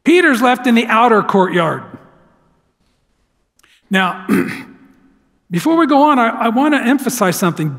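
Male pastor, high voice, preaching in a church with long reverb; dramatic swings between loud and hushed. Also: sing-song, measured pace, long pauses. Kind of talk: sermon. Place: church sanctuary.

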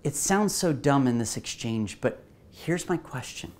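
A woman pastor preaching a sermon in an animated way, asking the listeners rhetorical questions. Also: a bass voice, measured pace.

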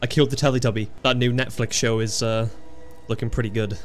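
A young man giving casual gameplay commentary as a video host, excitable and sweary, laughing often and yelping at surprises. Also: medium pitch, quick pace, soft background music.

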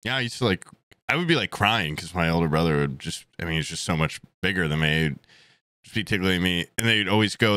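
A man's voice: low voice, animated, quick pace, sharp tone, dry recording, studio quality. A man chatting casually on a podcast, joking and telling childhood stories. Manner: joking, playful banter. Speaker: podcast co-host. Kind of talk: casual chat.

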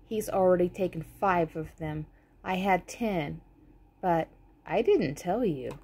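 A woman voicing a fussy, forgetful female turkey in a storybook read-aloud, lifting her voice higher for the part. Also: animated, slow, darkish tone, husky, exaggerated voice.

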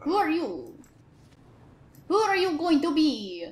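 A woman's voice: sits high, very animated, slow pace. A woman giving casual game commentary while playing a bossy, impatient border inspector. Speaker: gamer narrating her play. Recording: roomy, faint noise.

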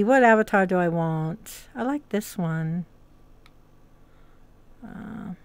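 Slow-talking woman streamer muttering and swearing. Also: mid-range voice, dry recording. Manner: swears, mutters to herself while fiddling with settings; bright and greeting toward chat. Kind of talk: casual live-stream chat.

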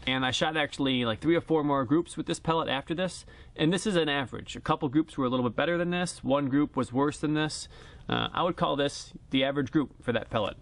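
A man's voice: a little high, fast talker, dry recording. A man giving a casual, joking review at an outdoor shooting range. He speaks plainly, recorded on a directional mic mounted on the camera. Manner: chatty and joking, plain-spoken. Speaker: airgun reviewer. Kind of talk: casual product review vlog. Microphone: camera-mounted directional shotgun mic.

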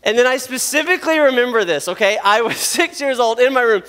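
A man with a high voice preaches to a congregation, telling his own story with animated, self-deprecating humor and frequent laughter. His voice rings out with a long reverb from a large hall. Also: brisk, hardly any pauses. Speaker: pastor. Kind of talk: sermon with personal storytelling.

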